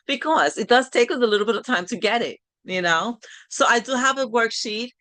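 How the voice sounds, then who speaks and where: A woman's voice: a little high, expressive, brisk, pushed and bright, no room sound. A middle-aged woman hosting a live coaching session, talking in a conversational, encouraging way with frequent restarts. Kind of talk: live online workshop talk.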